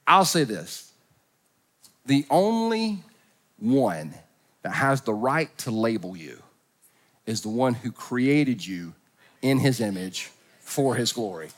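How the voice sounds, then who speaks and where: A middle-aged male pastor giving a humorous sermon at a church service, storytelling with comic impressions and swinging from soft to loud. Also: medium pitch, very animated, takes it slowly, long pauses.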